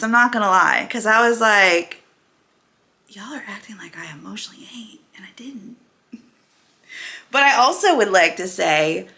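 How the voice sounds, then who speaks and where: A woman's voice: on the high side, bright, forceful tone. A woman in her forties talking candidly to camera as a weight loss vlogger, emphatic and full of rhetorical questions.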